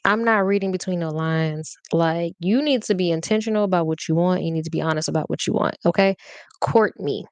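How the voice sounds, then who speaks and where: A woman's voice: fairly low pitch, fairly quick, smooth, dry recording. A young adult woman hosting a live podcast, chatting casually and rambling playfully straight to her viewers. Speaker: podcast host.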